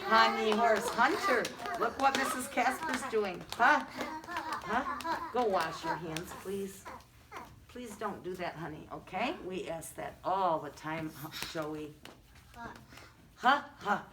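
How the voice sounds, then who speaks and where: A woman's voice: mid-range voice, expressive, takes it slowly. Sing-song woman teaching preschool. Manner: sing-song, coaxing, prompting children with questions; speaks through a face mask. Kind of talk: classroom phonics lesson for small children. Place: classroom. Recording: loud noisy classroom recording.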